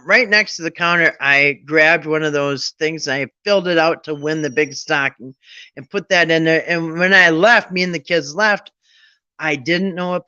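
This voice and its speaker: A man's voice: on the high side, a bit bright, clear, resonant tone, dry recording. A middle-aged man telling a personal story in a casual, rambling way, often restarting and quoting his own thoughts. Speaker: storyteller on a late-night chat. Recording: dull, dry lo-fi sound.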